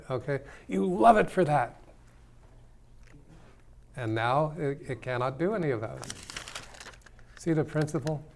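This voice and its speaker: A man hosting a call-in talk show, his voice gravelly with a steady creak. He rambles through his ideas in a loose, playful way and likes to tease his listeners. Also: medium pitch. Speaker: radio show host.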